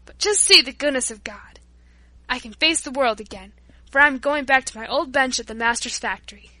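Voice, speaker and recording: A woman reading aloud gives voice to a humble, repentant workman and former drunkard, earnest and pleading. The voice sits fairly high and bright with a keen edge, recorded close and dry with no room sound. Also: moderate pace, dry recording, exaggerated voice. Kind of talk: audiobook narration.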